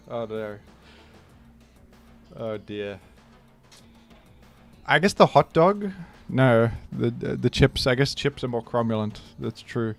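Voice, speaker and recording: On a live game stream with soft background music, a young man speaks in a mid-range voice, taking his time and pausing often. He jokes around, rambles, and exclaims loudly when startled.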